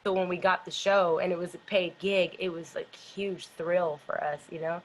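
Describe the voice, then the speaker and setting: A woman's voice: lowish voice, steady tone, normal speed, rough recording. A middle-aged woman being interviewed about her dance company, telling stories in a loose, rambling way with lots of fillers. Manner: rambling, filler-heavy storytelling. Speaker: dance company founder, guest. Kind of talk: casual interview chat.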